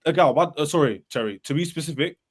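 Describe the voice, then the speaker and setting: A man, a football fan panelist, arguing in an animated, emphatic way on a podcast and repeating himself. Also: on the high side, fast, husky. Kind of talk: heated football podcast debate.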